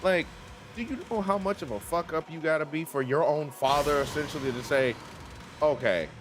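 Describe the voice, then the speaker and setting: A man hosting a livestream, chatting casually in an animated, profane way and laughing often. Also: on the high side, a little fast, music in the background. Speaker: streamer host.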